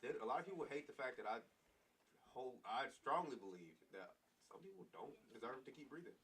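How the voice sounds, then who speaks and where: A man's voice: medium pitch, lively intonation, a little fast, fairly bright tone, slightly rough. A man attending the class for the first time, speaking hesitantly with many fillers. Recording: voice distant from the mic.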